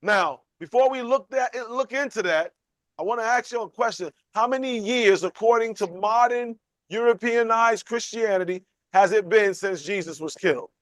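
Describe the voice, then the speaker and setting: Speaking at normal speed with no room sound, a man guides a Bible class through a conversational, call-and-response sermon. Animated and playful, he asks questions and performs quotes with jumps in pitch.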